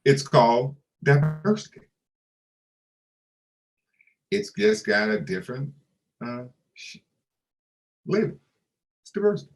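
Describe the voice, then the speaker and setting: Older guy telling stories in an interview, voice goes all over the place, totally animated. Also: fairly high pitch, normal speed, gravelly, poor audio. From United States. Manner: animated storyteller who acts out quoted dialogue. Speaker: interview guest. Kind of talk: storytelling interview.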